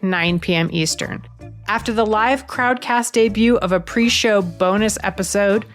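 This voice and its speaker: A woman hosting a comedy podcast, talking in a playful, teasing way that swings between bold asides and hushed confessions. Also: mid-range voice. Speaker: podcast host. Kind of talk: comedic podcast monologue and panel chat.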